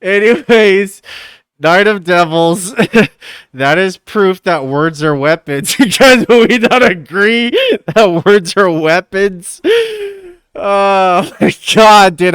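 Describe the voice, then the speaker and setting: A man's voice: fairly high pitch, a bit bright, clean tone, dry recording, studio quality. Laughing, foul-mouthed male streamer. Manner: profane, rambling, laughs a lot. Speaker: live streamer. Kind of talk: casual live-stream chat.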